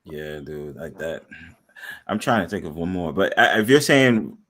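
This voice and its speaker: A man's voice: low voice, expressive, unhurried, fairly bright tone. A man from New York co-hosting a casual chat, talking in a laid-back, slang-heavy way. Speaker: podcast co-host.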